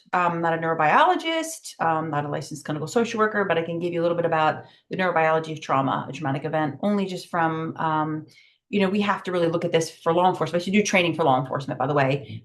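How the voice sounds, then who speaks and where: A middle-aged woman with a somewhat low voice leads a virtual safety training. She talks briskly and emphatically, filling pauses with "um", heard over a video call. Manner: brisk, emphatic, many fillers.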